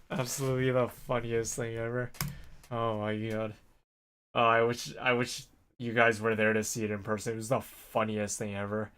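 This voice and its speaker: A man vlogging in a casual, rambling storytelling way, animated when he quotes people. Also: on the low side, normal speed, smooth. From North America. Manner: rambling, animated when quoting others, laughs often.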